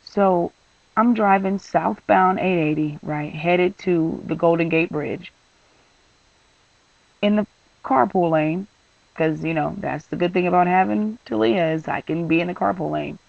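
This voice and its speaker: A man's voice: fairly high pitch, gravelly, dry recording, distant mic, dull audio. A young man venting in a vlog, rambling and exasperated with lots of fillers. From San Francisco Bay Area. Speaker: vlogger.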